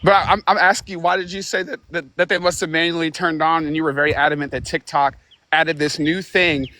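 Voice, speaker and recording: A man's voice: a little high, little pitch movement, bright, forceful tone, no echo. Breathless man pressing questions. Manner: halting, many restarts. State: out of breath from walking. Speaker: live-stream challenger. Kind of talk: confrontational live-stream questioning.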